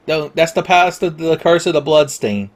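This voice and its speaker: A man giving casual, crude, joking commentary over a video game and yelling at it at times. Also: fairly high pitch, lively intonation, moderate pace. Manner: crude, jokey, yells at the game. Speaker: Let's Play commentator.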